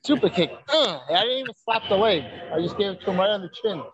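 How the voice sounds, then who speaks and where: A man's voice: high voice, expressive, fast talker, dull audio, a crowd in the background. A man, a wrestler telling brash, profane stories in a casual podcast chat. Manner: brash, profane, boastful storytelling. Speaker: wrestler guest.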